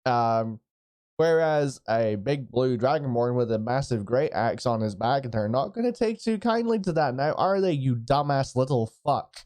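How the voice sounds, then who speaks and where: A man playing a blunt blue dragonborn warrior who explains himself in a measured, dry way and swears casually. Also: medium pitch, lively intonation, darkish tone, close to an everyday voice. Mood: sardonic.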